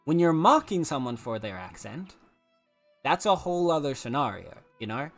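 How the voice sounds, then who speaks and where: A man's voice: on the high side, big pitch swings, normal speed, faint music behind. A man with a South African accent chatting casually as a streamer while he plays, rambling through his points with lots of filler words and restarts. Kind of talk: casual opinion chat while gaming.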